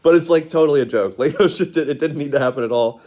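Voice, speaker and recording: A man's voice: fairly high pitch, fast, warm tone. A man talking in a casual rambling monologue. He giggles often and fills his speech with "like". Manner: giggly, rambling, constant filler "like"; rambling, with lots of restarts.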